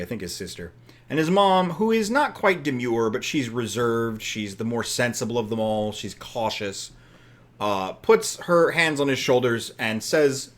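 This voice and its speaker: A man co-hosting a podcast, chatting casually about a film with laughing asides. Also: mid-range voice. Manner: animated, laughing, quick asides. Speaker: podcast co-host. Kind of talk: casual film review chat.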